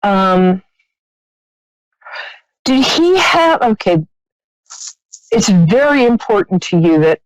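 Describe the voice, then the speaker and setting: A woman's voice: mid-range voice, sing-song, takes it slowly, long pauses, no room sound, low-quality recording. A woman hosting a live psychic radio call-in, chatty and laughing often, with many restarts.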